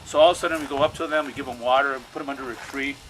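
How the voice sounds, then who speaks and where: A man's voice: mid-range voice, fairly even intonation, very fast, a bit bright. A man speaking to a crowd outdoors as an activist, telling stories in an urgent way and often repeating his words. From United States. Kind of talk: impassioned outdoor speech. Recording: noisy outdoor recording.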